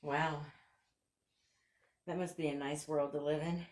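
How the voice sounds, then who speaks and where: A woman's voice: deep voice, little pitch movement, measured pace, darkish tone. A woman vlogger chatting casually and enthusiastically through a thrift haul and try-on, laughing often.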